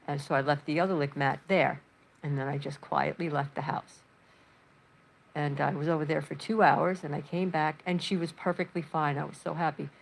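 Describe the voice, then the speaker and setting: Livestream host, woman, low gravelly voice, rambling chatty storyteller in her living room. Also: fairly even intonation, moderate pace, rough recording. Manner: reads chat messages aloud. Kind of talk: casual livestream chat.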